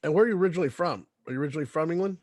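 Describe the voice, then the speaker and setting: Male co-host, brash and profane, rapid-fire delivery, dry close-miked sound. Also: on the high side, darkish tone, no room sound. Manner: brash, swears freely, jokey. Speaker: podcast co-host. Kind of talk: casual podcast banter.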